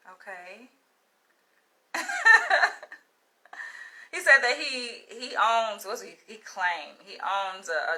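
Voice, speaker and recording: A woman from Florida tells a story straight to her followers, blunt, profane and animated. Her voice sits a little high and comes across bright and forceful. It is casual vlog talk throughout. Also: rough recording. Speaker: vlogger.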